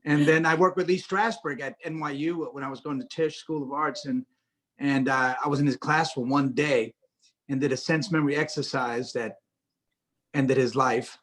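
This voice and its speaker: A man's voice: mid-range voice, fairly even intonation, moderate pace, fairly bright tone. A middle-aged man speaking on a video call as an interview guest, talking casually with lots of stammered restarts and self-deprecating jokes. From United States. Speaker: actor and director, interview guest.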